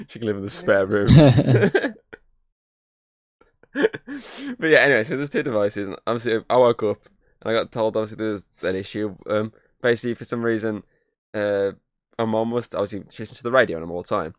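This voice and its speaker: A man's voice: on the low side, expressive, a little fast, no room sound, studio quality. A man hosting a casual podcast over a video call, rambling, swearing and laughing as he talks. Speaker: podcast host.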